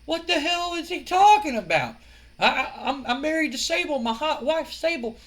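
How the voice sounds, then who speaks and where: A man putting on the voice of a baffled, outraged male wrestler, sounding shrill and exasperated. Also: lively intonation, moderate pace, fairly bright tone.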